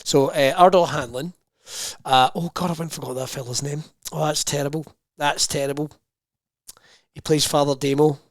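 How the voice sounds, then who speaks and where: A man's voice: on the high side, steady tone, no echo, studio quality. A man co-hosting a podcast, chatting casually with lots of laughs and swearing. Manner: laughing, swearing, quick banter. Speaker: podcast co-host. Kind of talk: casual chat.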